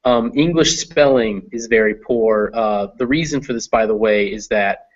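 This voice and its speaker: Patient, low-voiced male English tutor. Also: moderate pace, dull audio. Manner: patient, explanatory, many fillers. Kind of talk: one-on-one reading lesson.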